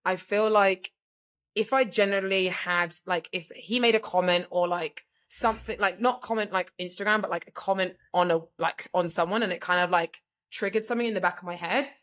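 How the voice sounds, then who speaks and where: A woman's voice: fairly low pitch, steady tone, fairly quick, a bit bright. Rambling woman podcaster. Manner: rambling, filler-heavy, says "like" constantly. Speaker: podcast co-host. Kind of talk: casual chat.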